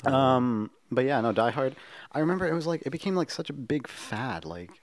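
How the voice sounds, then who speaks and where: Young male co-host, mid-pitched, dry close sound, loose jokey film chat. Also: lively intonation, moderate pace, dry recording. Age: young adult. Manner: rambling, jokey, acts out dialogue. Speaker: podcast co-host. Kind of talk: casual chat about films.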